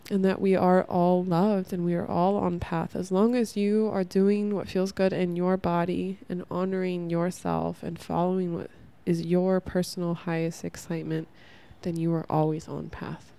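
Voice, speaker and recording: A woman's voice: lowish voice, little pitch movement, moderate pace, creaky, few pauses, warm tone, clear, resonant tone. A young woman hosting a casual spiritual podcast, talking in a rambling, heartfelt way and saying "like" a lot. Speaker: podcast host.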